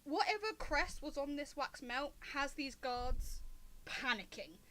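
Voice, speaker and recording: A woman's voice: high-pitched, expressive, a little slow, a bit bright, poor audio. A young adult woman, the game master, narrating a tabletop game on a livestream with rambling ums. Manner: rambling, with frequent ums and laughs.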